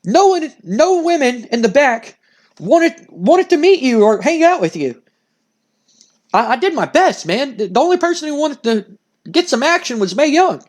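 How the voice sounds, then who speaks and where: A man's voice: extremely high pitch, sing-song, moderate pace, voice pushed up. A man voicing a pushy, flustered male wrestling sidekick who stammers. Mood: defensive.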